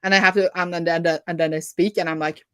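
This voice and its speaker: A chatty, giggly woman with a Norwegian Bergen accent talks in a casual chat over a video call. Her voice sits a little low, and the sound is close and dry, with no room around it. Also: little pitch movement, fast, pushed and bright, clear, resonant tone, no room sound. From Norway. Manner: chatty, giggly, lots of fillers. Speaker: booktuber co-host. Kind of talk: casual chat on a reading stream.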